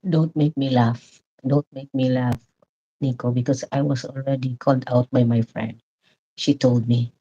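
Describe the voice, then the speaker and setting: Very deep-voiced, raspy chatty woman. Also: normal speed, dark tone, muffled recording. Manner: chatty, laughing, restarting sentences. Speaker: vlogger. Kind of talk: casual chat.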